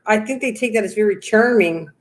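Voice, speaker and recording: A woman with a Canadian accent hosting a live-stream chat, cheerful and reassuring, quick to laugh. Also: mid-range voice. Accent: Canadian English. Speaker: channel host.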